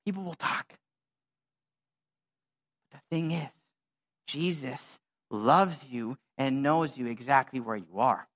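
A man delivers a sermon from the pulpit in a relaxed, conversational manner, joking and slangy. His voice sits in a middle pitch. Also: slow, long pauses. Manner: conversational, animated, slangy preaching. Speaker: pastor. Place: church.

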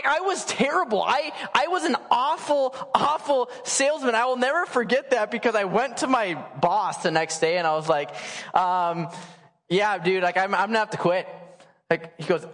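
Male pastor, late 20s, high voice, casual animated storyteller, reverb of a church hall. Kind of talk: sermon storytelling. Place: church sanctuary.

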